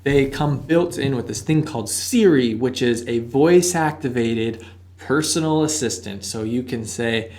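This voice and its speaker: A man's voice: medium pitch, unhurried, darkish tone. A man co-hosting a casual tech lesson, explaining step by step with playful asides. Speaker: co-host explaining iPhone basics. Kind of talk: casual educational chat.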